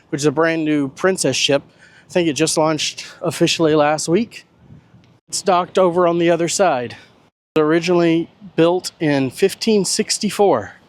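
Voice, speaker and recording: A man who works as a travel agent, chatting casually through a travel vlog as he walks around a cruise port, pointing things out with upbeat asides. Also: a little high. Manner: chatty, upbeat tour-guide commentary with easy asides. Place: outdoors at a cruise port shopping area.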